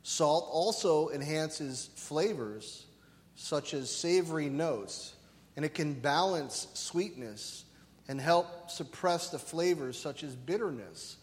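High-voiced pastor preaching in a hall. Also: male voice, slow pace. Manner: animated, conversational, keeps asking "right?". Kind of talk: sermon. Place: church sanctuary. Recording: reverberant hall.

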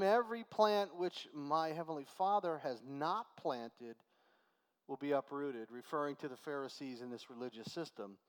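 A male pastor giving a conversational verse-by-verse sermon, reading scripture slowly and building to emphatic points. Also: fairly high pitch, clear, resonant tone, big-room sound. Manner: conversational preaching, slow deliberate scripture reading, swells to emphatic.

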